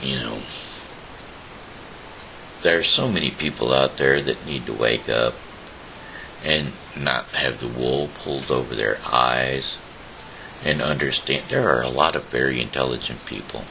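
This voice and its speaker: A man from Missouri hosting his own daily show, rambling through opinions and retelling a fable with many pauses and uhs. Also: extremely low pitch, gravelly, pushed and bright, a little hiss or hum, rough recording. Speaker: host. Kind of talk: rambling monologue and storytelling.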